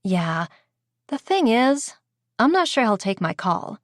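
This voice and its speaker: A woman's voice: a little high, sing-song, slow, no room sound, studio quality, voice pushed up. A woman voicing a determined young heroine keeping a strained polite tone on a call, in an audiobook. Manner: forced politeness.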